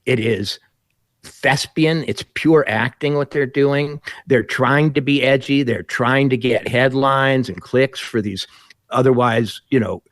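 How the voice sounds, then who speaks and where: A man appearing as a guest commentator on a political talk show, speaking in a wry, halting way. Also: medium pitch, no room sound, clean studio sound.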